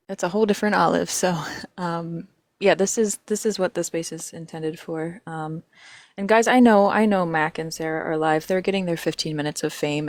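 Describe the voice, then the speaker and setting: A woman's voice: sits low, creaky, no echo. A woman hosting a live audio room, blunt and defiant in her talk. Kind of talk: casual live chat.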